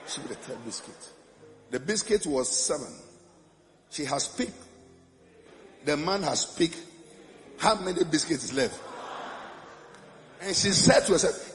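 A young man, preaching a storytelling sermon, animated and rising into shouts and song in a church. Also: fairly high pitch, measured pace, pauses often, in a large hall, a little hiss or hum. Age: young adult. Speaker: pastor.

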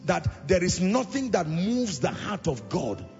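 A male preacher delivering an impassioned sermon, repeating lines and swelling into shouts and half-sung phrases. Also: sits high, very animated, measured pace. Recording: reverberant hall, dull lo-fi sound, music behind.

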